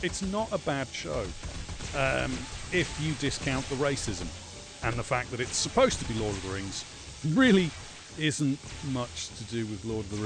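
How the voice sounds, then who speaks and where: A man streaming a game, chatting casually with rambling, sardonic and profane asides. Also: medium pitch. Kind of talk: casual gameplay chat.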